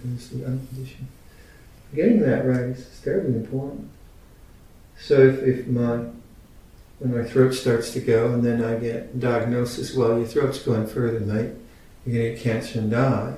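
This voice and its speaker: Older male teacher in his 60s, mellow tone, unhurried dharma talk, picked up from far off in a big echoey room. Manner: unhurried, halting, gently humorous. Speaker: Buddhist teacher. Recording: very echoey room, mic at a distance, faint rumble.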